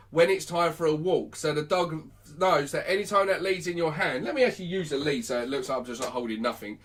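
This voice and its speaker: Dog trainer bloke on a live stream, blunt and sweary, a bit high voiced. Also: male voice, a little hiss or hum.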